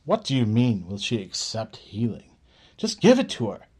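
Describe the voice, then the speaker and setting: A man's voice: mid-range voice, wildly swooping pitch, moderate pace, a little mellow, breathy edge. A man voicing a commanding male gypsy leader who barks bold, declamatory orders. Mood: frustrated.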